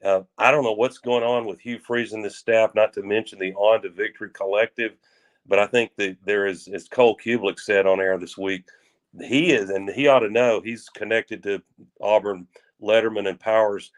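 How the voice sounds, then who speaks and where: A man with a somewhat low voice talks sports at an easy, rambling pace. He is folksy and stretches his phrases, often restarting mid-sentence. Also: fairly even intonation, moderate pace. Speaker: sports radio co-host. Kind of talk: casual sports talk.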